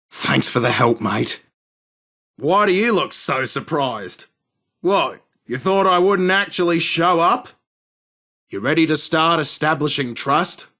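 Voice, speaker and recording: Brief: a cocky arms dealer, crude and sardonic, slightly high voice, slow drawl. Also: male voice, fairly bright tone, heavily acted. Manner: sardonic, swaggering, rude. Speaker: game character. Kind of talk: game voice acting.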